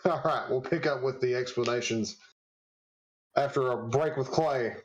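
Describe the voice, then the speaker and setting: A man serves as game master, narrating the scene with plenty of ums and uhs and chuckling as he goes. His voice sits in a middle pitch range, relaxed and unpolished. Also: a little slow, muffled recording. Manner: loose, chuckling, lots of fillers.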